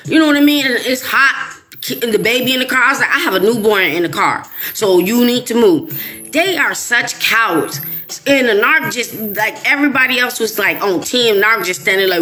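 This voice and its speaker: A middle-aged woman from Chicago's West Side hosts, telling a story to a live audience in a casual, chatty way. Her mid-range voice moves at a normal speed over soft background music, and she's animated, laughing often and quoting other people in their voices.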